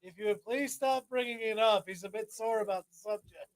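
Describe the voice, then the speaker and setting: A man's voice: high voice, fairly quick, dry recording. A man co-hosting a casual podcast, throwing in wisecracks. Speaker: podcast co-host. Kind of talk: casual chat.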